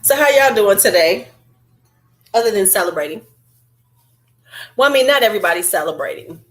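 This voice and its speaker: Chatty woman reviewing perfume. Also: medium pitch. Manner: chatty and animated, drawn-out fillers. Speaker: beauty vlogger. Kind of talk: casual beauty review chat.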